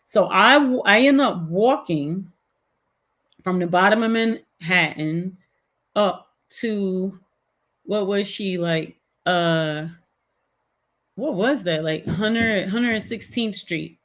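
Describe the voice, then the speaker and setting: A woman's voice: mid-range voice, slow pace. A middle-aged woman, a guest, animatedly recounting a personal story in casual chat with many fillers. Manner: animated, filler-heavy retelling.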